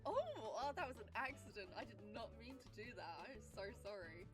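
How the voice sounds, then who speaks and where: A woman's voice: fairly high pitch, big pitch swings, fairly quick. A woman streaming casually and chatting with her viewers in a playful, giggly way, sliding into silly voices. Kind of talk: casual live-stream chat. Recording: music playing under the voice. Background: background music.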